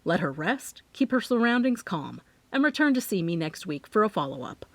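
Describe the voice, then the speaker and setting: A woman reading an audiobook, voicing a calm, reassuring male doctor. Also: medium pitch, normal speed, no room sound.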